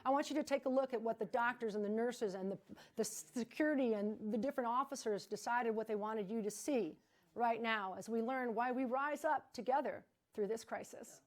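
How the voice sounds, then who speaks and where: A woman hosting a live charity broadcast, talking without notes in an emphatic, chatty, energetic way. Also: on the high side, a little fast. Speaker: fundraising gala host. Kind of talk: live-broadcast fundraising appeal.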